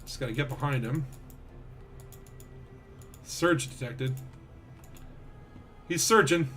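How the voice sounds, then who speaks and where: A young man giving animated gameplay commentary as a streamer, yelling when things get exciting. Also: medium pitch, slow pace. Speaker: game streamer.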